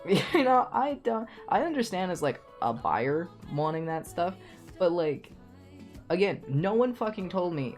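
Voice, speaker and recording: A man's voice: sits high, normal speed, soft background music. Young man ranting with lots of swearing. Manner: heavy swearing, animated storytelling with laughs. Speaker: streamer. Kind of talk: casual rant while streaming a game.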